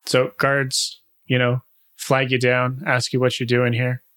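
A man's voice: medium pitch, completely flat delivery, a little slow, a bit bright. A man acting as game master, narrating a tabletop game in a casual, wry, laid-back way.

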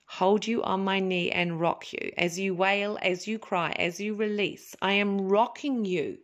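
Gentle, soothing woman speaking slowly. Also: medium pitch, steady tone. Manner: gentle, slow and soothing, with acted-out asides. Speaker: podcast host. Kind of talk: spiritual talk monologue.

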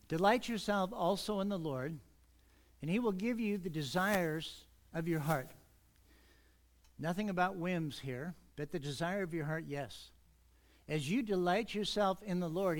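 A man preaching an earnest sermon in church, speeding up when he gets excited. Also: high voice. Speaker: pastor.

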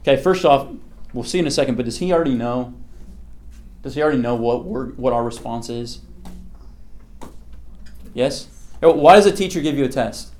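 A man's voice: medium pitch, moderate pace, pauses often, darkish tone. Young man, youth pastor, loose conversational sermon, lots of "okay?" and "like," keeps asking the group questions. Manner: conversational, quizzes the listeners, many "like" and "okay" fillers.

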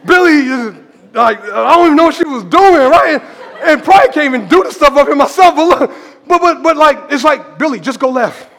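A man preaching a sermon as pastor, emphatic and animated, repeating words for effect and calling out to the congregation. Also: very high voice, a little fast, gravelly, big-room sound. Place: church hall.

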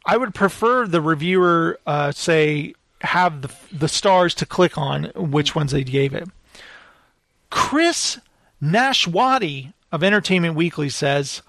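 A man hosting a casual movie chat, playful and quick to giggle as he reads out reviews. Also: on the high side, expressive, a bit bright, no echo. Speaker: podcast host.

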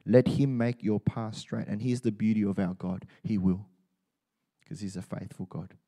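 A middle-aged Australian man preaching a sermon, telling stories in a joking, animated way. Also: fairly low pitch, normal speed. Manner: animated, joking storytelling with laughs. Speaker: pastor.

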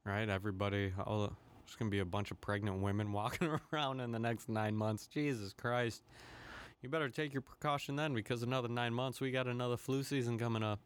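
A man's voice: mid-range voice, steady tone, fairly quick, clean tone. A man hosting a podcast, ranting casually with lots of swearing, laughter and rambling asides. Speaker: podcast host. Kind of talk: profane comedic rant.

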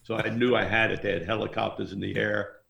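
A man's voice: lowish voice, level tone, fast talker, vocal fry, pushed and bright, echoey room, slight background noise. A man telling long, rambling anecdotes in a casual interview, often laughing as he goes. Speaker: music manager guest.

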